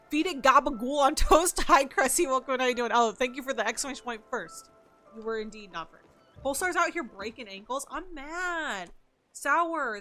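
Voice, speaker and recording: A young woman livestreaming a game, excitable and foul-mouthed as she chats with her viewers. Her voice is high and bright, with a quick, bouncy delivery. She keeps the talk loose and casual. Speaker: streamer.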